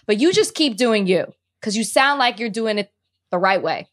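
A female podcast co-host in casual chat, supportive and quick to laugh. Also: mid-range voice, lively intonation, fairly bright tone.

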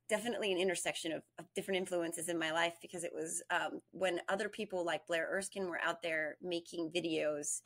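A middle-aged woman from New Jersey, a guest on a video call, telling rambling, animated stories with frequent laughter. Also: lowish voice. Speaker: guest, comedic video creator. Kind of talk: casual interview chat.

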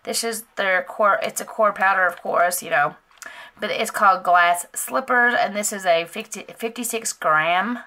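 Bright, bubbly woman unboxing nail products. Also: mid-range voice, a little slow. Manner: chatty and gushing, many fillers. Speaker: nail vlogger. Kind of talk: casual product unboxing chat.

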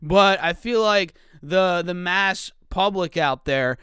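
A man hosting a casual stock market video, his voice rough from just waking up, talking chattily to viewers he calls guys and clearing his throat now and then. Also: high-pitched, slow, pushed and bright, no room sound, clean studio sound. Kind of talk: casual talk to camera.

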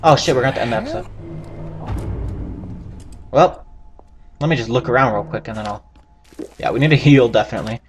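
A man giving profane, excitable let's play commentary, yelping and laughing at the game. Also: medium pitch, fairly quick, long pauses, faint music behind. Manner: profane, excitable, yelps and laughs while playing. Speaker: gaming channel host.

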